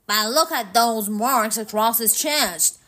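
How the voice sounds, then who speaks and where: A blunt, plain-spoken frontier man from a storybook who speaks forcefully and says what he thinks, read aloud by a woman. His voice sits a touch higher and louder than the narration around him. He sounds like a rough dog handler. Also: takes it slowly.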